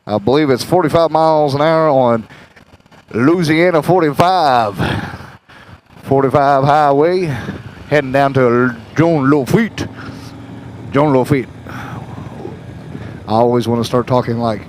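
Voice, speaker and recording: Guy chatting into his helmet mic on the bike, cracks jokes, drifts off topic, loud engine and road noise behind. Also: mid-range voice, measured pace, low-quality recording. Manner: joking, chatty, wanders off topic. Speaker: motorcycle travel vlogger. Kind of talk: rambling chat while riding. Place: on a motorcycle on the road. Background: motorcycle engine and traffic.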